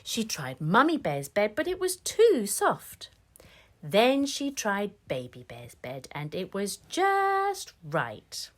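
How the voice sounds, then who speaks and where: A woman reading a storybook aloud at an unhurried pace, her voice rising and falling in a lively, animated way. She stays patient and playful, a little flustered when she gets questioned. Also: medium pitch.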